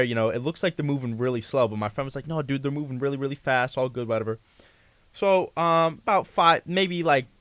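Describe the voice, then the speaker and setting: A young man on a talk show, telling a long personal anecdote with a loose, rambling flow. His voice sits at an ordinary middle pitch. The sound is close and dry, with no room around it. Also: a bit bright, dry recording. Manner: rambling anecdote full of fillers and restarts. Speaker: guest. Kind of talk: casual storytelling on a talk show.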